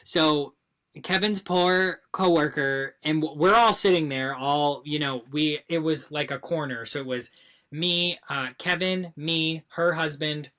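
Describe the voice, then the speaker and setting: A woman co-hosting a podcast, telling a funny story in casual chat with lots of fillers. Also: sits low. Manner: animated storyteller, breaks into laughter. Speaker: podcast co-host.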